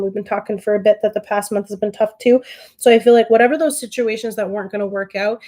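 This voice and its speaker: A woman giving a tarot reading on a live stream. She talks straight to her viewers, emotional and affectionate, with a middle-pitched voice. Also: a little mellow. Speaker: tarot reader.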